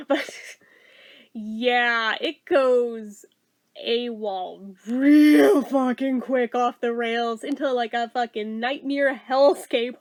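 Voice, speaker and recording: A woman giving a casual movie review, excitable, swearing freely and laughing often. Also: fairly high pitch, takes it slowly, dry recording.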